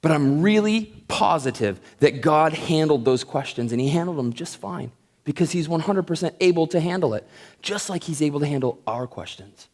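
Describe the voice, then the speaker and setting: Bible study teacher, male: lively, playful delivery, recorded in an echoing hall. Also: on the high side, moderate pace. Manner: conversational, joking, animated. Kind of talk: Bible lesson. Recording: echoey hall.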